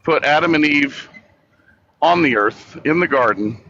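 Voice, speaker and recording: A man debating as a guest, halting and thinking aloud with frequent restarts. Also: a little high, lively intonation, sharp tone, muffled recording. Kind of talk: casual debate chat.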